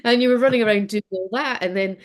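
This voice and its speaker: A woman's voice: medium pitch, fast talker. A middle-aged Scottish woman, a podcast guest, telling stories in a chatty, self-mocking way and laughing often. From Scotland. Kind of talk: casual podcast interview.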